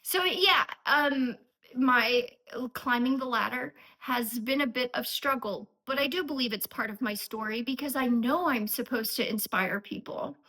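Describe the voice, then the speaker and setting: Earnest rambling woman vlogger, bright voice. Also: a little high, measured pace, rough recording. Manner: frequent fillers and restarts. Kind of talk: unscripted personal vlog.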